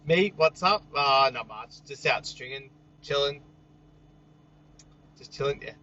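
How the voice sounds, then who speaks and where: Outdoors at night, a young Australian livestream host chats casually with viewers, reading their comments, joking and chuckling often in an easygoing way. His medium-pitched voice is animated, bright and forceful, unhurried with frequent pauses. The sound is lo-fi.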